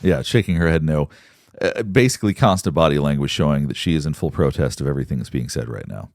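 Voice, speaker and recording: A man, a psychologist, giving measured, explanatory commentary on court footage. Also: a bass voice, lively intonation, a little mellow, dry recording, clean studio sound. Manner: explanatory, measured, pauses to point things out. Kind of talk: analytical commentary.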